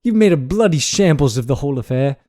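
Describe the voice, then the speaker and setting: An exasperated male British news anchor, done by a man in a put-on accent, scolds someone with theatrical, over-the-top outrage. The voice is mellow and a little higher than an average man's. It is a comic podcast bit. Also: animated, fast, natural voice. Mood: exasperated scolding. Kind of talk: comedic accent challenge on a podcast.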